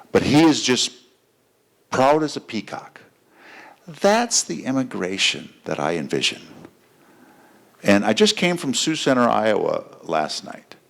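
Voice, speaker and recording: A man running for office, speaking at a fundraiser in a conversational way, telling stories with frequent fillers. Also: on the low side. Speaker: political candidate. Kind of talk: campaign speech at a fundraiser. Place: fundraiser gathering.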